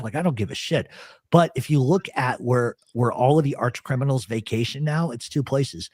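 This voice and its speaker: A man hosting a radio show, telling animated, profane stories in casual chat. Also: on the high side, brisk, dry recording. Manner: animated, swears a lot.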